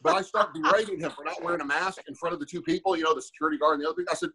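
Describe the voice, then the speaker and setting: A quick-talking man in his forties with a husky, bright-edged voice. He tells a story on a podcast like a former fighter would, cursing freely and acting out each person's lines. His voice sits a bit high for a man. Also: rough recording. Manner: animated, acts out quoted dialogue; profane, rambling with fillers.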